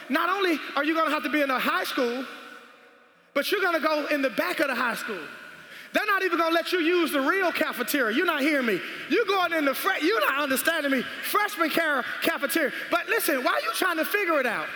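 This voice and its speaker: A man preaching a sermon, shouting and calling on the congregation to respond. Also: very high-pitched, animated, a little fast. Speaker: pastor. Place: large church hall. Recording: echoey hall with crowd noise.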